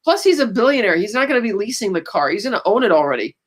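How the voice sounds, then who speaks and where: A woman's voice: medium pitch, sing-song, rapid-fire. Podcast lady chatting thru a movie recap, offhand quotes, easygoing. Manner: retells a film plot, breezily quoting characters. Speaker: podcast co-host. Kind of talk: casual chat.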